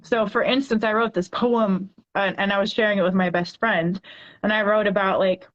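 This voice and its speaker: A woman in her forties, a poet guest, talking in a chatty, animated way with lots of filler words. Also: medium pitch, normal speed, lo-fi sound. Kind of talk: casual interview chat.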